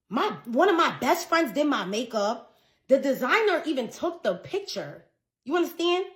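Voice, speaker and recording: A young woman telling a personal storytime, animated and profane, exasperated as she recounts a dispute. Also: high voice. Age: young adult. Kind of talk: casual storytime rant.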